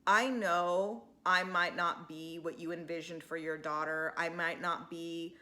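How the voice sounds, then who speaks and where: A woman puts on a young boyfriend in tears, pledging his love to his girlfriend's mother in halting, earnest bursts. He sits a touch lower than her own voice but keeps her bright, forward tone. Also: steady tone. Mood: tearful, earnest.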